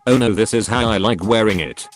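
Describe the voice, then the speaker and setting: A man's synthetic voice reading forum posts aloud in a flat tone, misreading symbols and abbreviations. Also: on the low side, a little fast, faint music behind. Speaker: narrator reading online posts.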